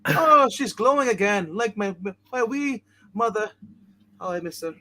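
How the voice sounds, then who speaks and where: A man's voice: sits high, expressive, a little slow, sharp tone, exaggerated voice. A man voicing a swaggering, agile male hero with a put-on Irish accent in a comic book read-aloud, joking and breaking character with asides. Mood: playful.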